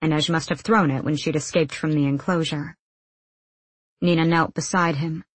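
An audiobook narrator with a low, husky female voice reads a scripted story in a steady, measured way. There is no room sound.

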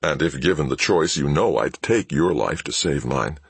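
A man voicing an adult male hostage who speaks in a quiet, steady and resolved way. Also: extremely low pitch, moderate pace, creaky, slightly rough, no echo, full character voice.

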